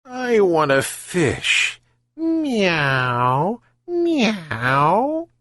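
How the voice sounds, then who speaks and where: A man's voice: sits high, wildly swooping pitch, very slow, a bit bright, no echo, studio quality, pitched above the performer's own voice, heavily acted. A man voicing a scheming, greedy female black cat who begs with a phony purr and meows. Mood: wheedling. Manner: phony purring, meowing.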